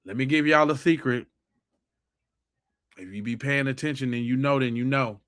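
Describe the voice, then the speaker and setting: A man's voice: mid-range voice, normal speed, a bit bright. A man hosting a live stream, talking casually and mocking viewers' comments in a heated tone. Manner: heated, mocking, talks straight at the chat.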